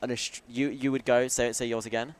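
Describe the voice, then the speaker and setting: A man's voice: mid-range voice, flat delivery, a little fast. A British man chatting casually as a stream commentator, talkative and jokey, often restarting his sentences. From United Kingdom. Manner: chatty, self-interrupting, jokey. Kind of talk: casual chat.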